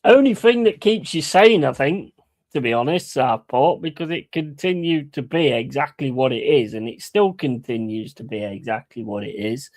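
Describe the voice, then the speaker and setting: A man's voice: mid-range voice, lively intonation, normal speed, a little mellow, no echo. A man chatting casually on a live stream, rambling and swearing between chuckles.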